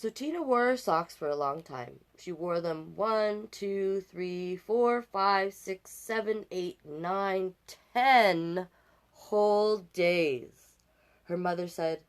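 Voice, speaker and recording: A woman's voice: on the low side, slow pace, clean tone. A woman from Canada reading a picture book aloud as storytime host, with chatty asides and playful sound effects.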